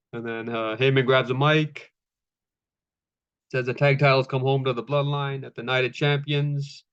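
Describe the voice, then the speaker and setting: A man's voice: medium pitch, flat delivery, normal speed, fairly bright tone, clean tone, highs cut off. Laid-back swearing man recapping wrestling. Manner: laid-back, swears freely, many fillers, acts out quotes. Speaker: wrestling show reviewer. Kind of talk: casual recap chat.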